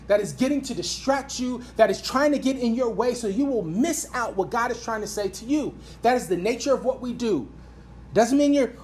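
A woman's voice: fairly high pitch, darkish tone, a little hiss or hum. A woman pastor preaching a sermon and praying aloud, earnest and repeating phrases for emphasis. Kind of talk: sermon with prayer. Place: church. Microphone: reading from an iPad.

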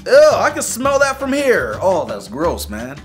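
Animated young man doing game commentary. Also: high-pitched, a little slow, over loud music. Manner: animated, joking reactions with sound effects. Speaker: YouTuber playing a mobile game. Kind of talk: casual gameplay commentary.

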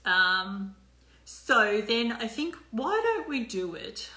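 Woman rambling on a live stream, bright voice, lots of um and like, echoey room. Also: fairly high pitch, very animated, slow. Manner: chatty and loose, with many fillers, swearing and asides. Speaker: life coach hosting a live stream. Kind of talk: casual live-stream chat.

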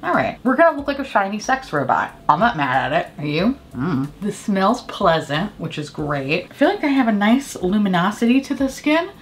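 A woman beauty vlogger chatting casually as she does her makeup and tells a story, candid, profane and quick to laugh. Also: mid-range voice, big pitch swings, a little hiss or hum.

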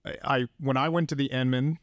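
A man's voice: medium pitch, steady tone, a little fast, no room sound, muffled recording. A man hosting a podcast, chatty and enthusiastic, telling stories in casual conversation. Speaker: podcast host.

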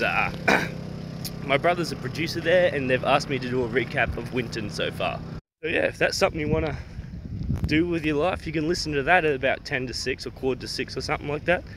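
An Australian man casually vlogging into his phone at an outdoor festival, chatty and quick to swear and laugh. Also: mid-range voice, noisy background. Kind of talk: casual selfie vlog. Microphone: phone held at arm's length.

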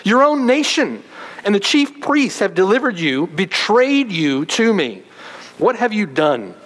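A man's voice: high voice, very animated, a little slow, fairly bright tone, pitched above the performer's own voice, heavily acted. A man voicing a scornful, sarcastic Roman governor within a sermon. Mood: contemptuous. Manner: sarcastic, incredulous.

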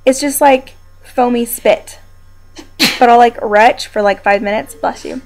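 Speaking at a measured pace in a slightly high voice, a young woman vlogs casually from a downstairs room at home. She's injured and in pain, yet she chats and rambles to her viewers in a quietly upbeat way.

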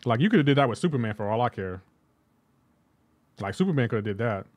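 Playing a game live, this man keeps up a loose, chatty stream of talk with viewers, answering them and saying "like" constantly. He speaks fast in a sing-song, mid-range voice with no room sound.

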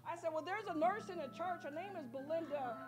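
A woman giving a spoken testimony at a church worship service, telling her story in a rambling, excited way full of quoted dialogue. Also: extremely high pitch, brisk. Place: church sanctuary.

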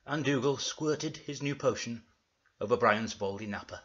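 Deadpan man narrating a storybook parody. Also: mid-range voice, normal speed, lo-fi sound.

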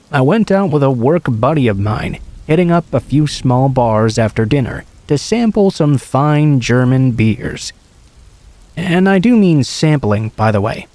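A man narrating a true horror story in a calm, conversational storytelling manner. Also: medium pitch. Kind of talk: scripted narration.

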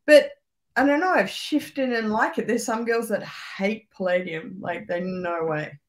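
A woman chatting casually as a guest on a livestream over a video call, animated and laughing. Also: mid-range voice, measured pace.

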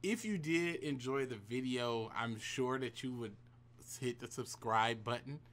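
Mid-range in pitch and a bit bright, this man's voice keeps a measured pace as he relays a personal story on camera. His casual vlog is slangy and profane, punctuated by hype-man comments to the audience.

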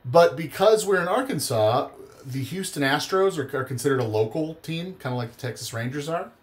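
A man hosting a live card-break stream, chatting casually and wandering into stories. His voice sits a little high for a man and swings up and down with animated energy. He sounds worn out after a long day. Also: a little fast. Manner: chatty, rambling storyteller.

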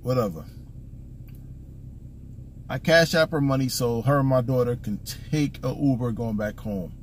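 A man's voice: mid-range voice, measured pace, slight background noise. A man telling a story as a casual, profane rant in a car, exasperated and acting out the back-and-forth dialogue. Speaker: vlogger.

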